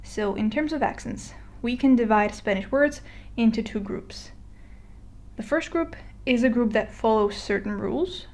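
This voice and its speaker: A woman giving a casual explainer lesson, chatty with fillers and restarts, slowing down to model words. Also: on the high side, darkish tone. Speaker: Spanish teacher. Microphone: voice-over on a screen recording.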